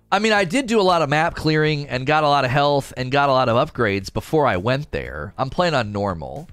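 Brief: male podcast host, defensive and rambling, lively pitch, faint music bed. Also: fairly quick, few pauses, no room sound. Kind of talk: casual argumentative chat.

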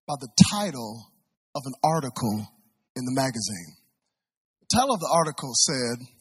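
A man preaching a sermon, telling a story dramatically with big swings in loudness. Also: mid-range voice, breathy edge.

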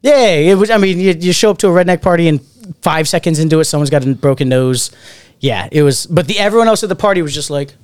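A podcast host with Alabama family roots tells long party stories in casual chat, swearing freely and acting out quotes with animation. His voice is fairly high, clear, and resonant, he talks fast, and the recording is dry.

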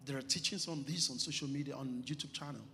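A middle-aged man, a pastor preaching a sermon in church, stressing phrases slowly and building to emphatic peaks. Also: mid-range voice, fairly even intonation, pushed and bright. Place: church hall. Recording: church hall reverb with music behind.

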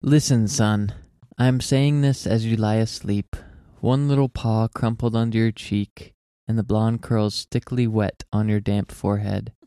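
A young man co-hosting a podcast, chatting casually and reading a poem aloud in an earnest, measured way. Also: lowish voice, fairly even intonation, mellow, smooth, no room sound, clean studio sound. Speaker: podcast co-host.

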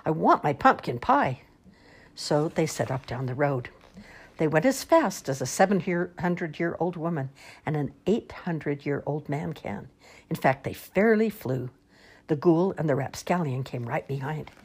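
Expressive husky woman reading a picture book. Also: sits low, normal speed. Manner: sing-song rhyming, expressive. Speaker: storyteller.

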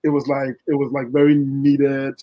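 A man's voice: medium pitch, little pitch movement, normal speed, highs cut off. A man talking casually as a guest poet in an interview, rambling with many fillers and restarts.

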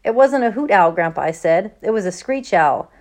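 An eager young boy, worried but excited on a hunting trip, read by a woman. The voice is a touch higher than the reader's own, at a middle pitch. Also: normal speed, close to an everyday voice.

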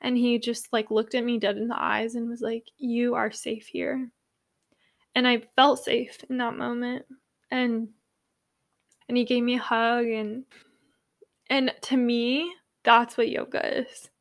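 Earnest, rambling young woman, slightly high voice. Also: flat delivery, unhurried. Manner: rambling, filler-heavy, earnest. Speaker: yoga teacher. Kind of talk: casual personal storytelling.

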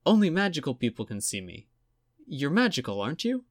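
Guy reading an audiobook doing a chatty proud ghost girl, lilty high voice, dry. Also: huge pitch swings, no room sound. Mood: eager. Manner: eager rapid questions. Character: young female ghost, proud, chatty, lonely.

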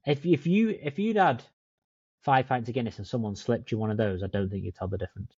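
A man's voice: mid-range voice, quick pace, darkish tone, breathy edge, no room sound, dull audio. A man co-hosting a casual podcast chat, laid-back, swearing now and then and calling his friend mate. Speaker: podcast co-host. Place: in Dublin, remote call.

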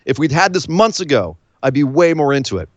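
A man's voice: fairly high pitch, brisk, dry recording, highs cut off. A man co-hosting a podcast, recapping wrestling in casual chat and acting out quotes in voices. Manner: animated, acts out quotes in voices. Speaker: podcast co-host.

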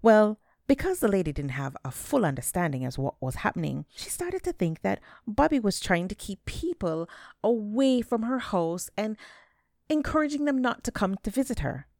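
A woman telling folktales aloud, animated and dramatic, stretching words for effect. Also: medium pitch, moderate pace, no room sound, studio quality. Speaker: storyteller. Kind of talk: folktale storytelling.

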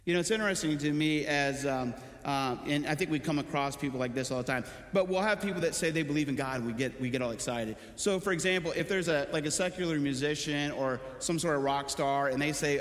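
A male pastor delivers a sermon in a loose, conversational manner, full of asides and sudden bursts of energy. His voice sits a bit high for a man and rings through a roomy hall with a long echo. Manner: conversational, animated preaching with asides.

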